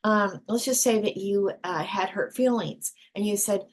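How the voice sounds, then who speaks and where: A woman's voice: mid-range voice, unhurried. A woman hosting a casual group discussion, talking earnestly and emphatically with frequent restarts. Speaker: discussion host.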